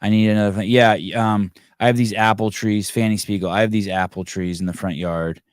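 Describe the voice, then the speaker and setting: A man's voice: on the low side, fairly even intonation, fairly quick, clear, resonant tone, no echo, studio quality. A middle-aged man hosting a podcast, rambling in casual talk and swearing freely when he gets frustrated. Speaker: podcast host. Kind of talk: casual live show monologue.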